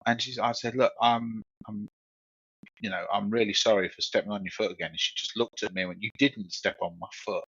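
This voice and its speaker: Male podcast co-host, lower voice, rambling and sweary, dry close sound. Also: steady tone, a little fast, fairly bright tone, breathy edge, no echo. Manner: rambling, swears, repeats himself. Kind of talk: casual storytelling chat. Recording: dull lo-fi sound.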